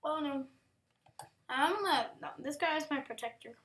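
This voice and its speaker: High-voiced, excitable woman gamer. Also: moderate pace. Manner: excitable, frequent exclamations and whispered asides. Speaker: gameplay commentator. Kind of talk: casual gaming commentary.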